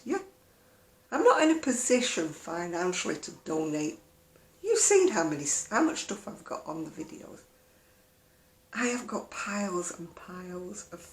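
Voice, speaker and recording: A woman talks in a casual home vlog, chatty and wry, her voice gravelly with fry. The room around her is roomy and echoey. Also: on the low side. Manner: chatty, wry, mimics other people's voices. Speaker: vlogger. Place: at home, indoors.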